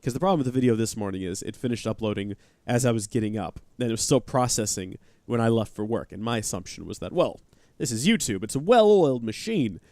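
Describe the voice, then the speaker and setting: A man's voice: fairly low pitch, fast talker, darkish tone, no echo. A man chatting and joking while playing a game live, talking to his viewers. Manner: chatty, joking, reads chat aloud. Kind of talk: live let's-play commentary.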